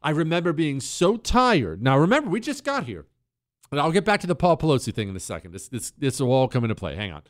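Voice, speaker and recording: A man's voice: fairly high pitch, quick pace, no room sound, studio quality. A middle-aged man from Montana, hosting a talk show and telling a personal story in a wry, conversational way. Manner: conversational, wry, animated when shouting drill instructor lines. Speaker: radio talk show host. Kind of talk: storytelling monologue.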